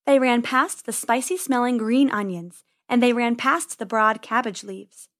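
A woman narrating a children's storybook in a gentle, expressive read-aloud manner. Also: a little high, measured pace.

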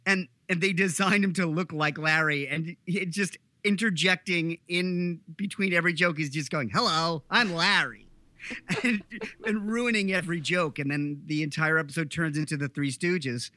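Bright, higher-voiced man telling stories. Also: moderate pace, few pauses, no echo. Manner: enthusiastic storyteller, laughs between points. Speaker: podcast co-host. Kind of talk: casual chat.

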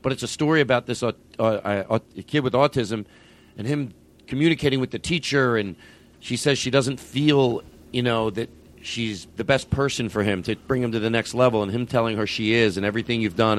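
A man's voice: mid-range voice, brisk. A man hosting a comedy podcast, chatting casually in a rambling way with many restarts. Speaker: podcast host.

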